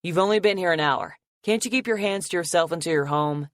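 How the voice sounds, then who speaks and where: A woman's voice: lowish voice, a little fast, no room sound, clean studio sound, lightly acted. A woman voicing a stern, protective older brother who scolds with a raised voice. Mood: scolding.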